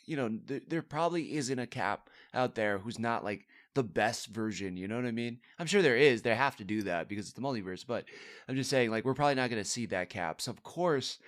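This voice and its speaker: A man's voice: mid-range voice, animated, brisk. A man co-hosting a casual movie podcast, rambling and breaking off his sentences with many fillers. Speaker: podcast co-host.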